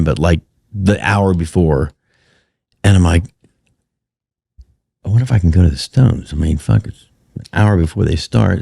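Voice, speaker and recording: Gravelly, low-voiced comedian telling stories. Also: male voice, no echo, studio quality. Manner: animated, profane, laughing storyteller. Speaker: comedian guest. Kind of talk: casual storytelling chat. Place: live show venue.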